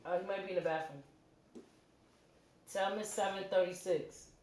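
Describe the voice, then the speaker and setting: Animated woman telling a story, roomy sound. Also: on the low side. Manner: animated, acts out quotes, quick asides. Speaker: livestream host. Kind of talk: casual storytelling to a live chat. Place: her home. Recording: roomy echo.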